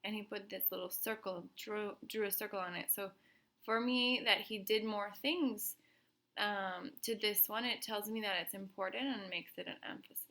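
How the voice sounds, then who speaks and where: A woman teaching an art lesson to young children, explaining gently and asking questions aloud. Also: mid-range voice, normal speed.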